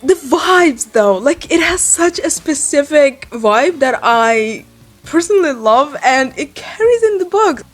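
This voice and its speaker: A young woman with a slightly higher voice talks in a loose, rambling vlog style. She packs in fillers and side comments and has a slight non-native accent. Soft music plays faintly under her voice. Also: animated, measured pace. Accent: non-native English. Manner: chatty and rambling, lots of fillers. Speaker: book vlogger. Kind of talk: casual reading vlog. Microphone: handheld mic, then set in lap.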